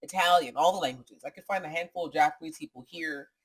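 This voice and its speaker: A woman's voice: deep voice, fast talker, slightly rough. American woman podcast co-host, chatty, drifts off on tangents. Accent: General American. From United States. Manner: rambling, tangential, says "you know what I mean". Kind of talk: casual podcast chat.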